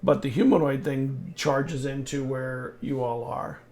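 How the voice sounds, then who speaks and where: A man narrating as game master of a tabletop game, unhurried and halting, with frequent restarts. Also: mid-range voice, fairly even intonation, darkish tone.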